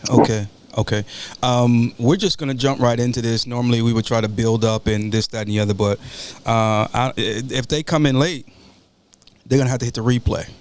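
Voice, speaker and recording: Folksy preacher hosting a show. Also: male voice, medium pitch, fairly even intonation, brisk, a little mellow, clean tone. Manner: folksy, preachy, repeats words. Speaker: talk show host and pastor. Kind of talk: casual call-in show hosting.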